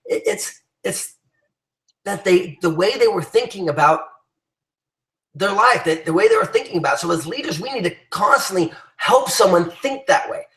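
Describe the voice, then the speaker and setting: A man's voice: sits high, animated, moderate pace, fairly bright tone, echoey room, low-quality recording. A man giving an emphatic motivational talk to his team, rallying them with many restarts and fillers. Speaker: business leader addressing his team.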